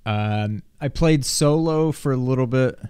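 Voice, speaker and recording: Male podcast co-host, lowish smooth voice, dry close mic, relaxed storyteller. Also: a little slow, no echo. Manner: relaxed, laughs easily, recounts things step by step. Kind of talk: casual chat.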